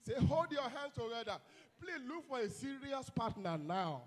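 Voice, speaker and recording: A man preaching a fiery deliverance sermon as pastor, shouting commands and speaking in tongues. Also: extremely high pitch, very animated, moderate pace.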